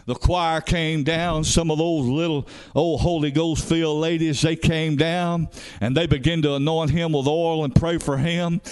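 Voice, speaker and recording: A man preaching a revival sermon as an evangelist, fervent and peppered with hallelujahs, building up to shouts. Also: fairly high pitch, fairly even intonation, measured pace, few pauses, smooth.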